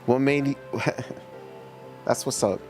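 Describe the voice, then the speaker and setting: A man's voice: medium pitch, extremely slow, a little mellow, faint music behind. A middle-aged man hosting a livestream, chatting casually with viewers in a laid-back, slangy way and laughing often. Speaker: livestream host reading chat. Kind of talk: casual chat reading viewer comments.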